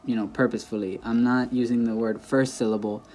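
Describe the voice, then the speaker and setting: A man explaining a language lesson in a casual, patient way, repeating words slowly and checking in with the listener. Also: medium pitch, little pitch movement, darkish tone. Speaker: Spanish teacher.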